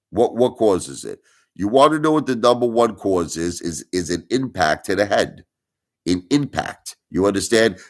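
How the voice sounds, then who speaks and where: A middle-aged man hosting a live stream in a very deep, low voice. He talks in an insinuating way, piling up rhetorical questions and repeating himself for emphasis. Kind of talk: livestream commentary.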